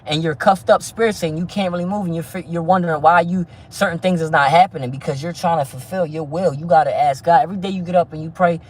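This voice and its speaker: A man with a slightly higher-than-average voice talks loosely to his livestream viewers. He preaches about faith one moment and curses out the chat the next. He is heavy on street slang and keeps circling back with "you feel me". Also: steady tone, fast talker, few pauses. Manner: stumbling restarts, frequent "you feel me". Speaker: livestream host.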